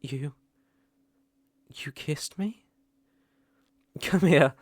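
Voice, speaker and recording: In a whispered ASMR role-play, a man voices a tender, remorseful young ex-boyfriend with a British accent. His medium-pitched voice is gravelly with vocal fry, and he lingers slowly and hesitantly over halting phrases with soft laughs. The recording is close-miked and dry.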